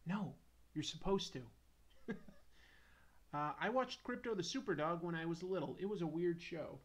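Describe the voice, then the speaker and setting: A man's voice: a little high, moderate pace. A man hosting a comics livestream, joking casually and reading viewer comments aloud while he draws. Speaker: comics YouTube host.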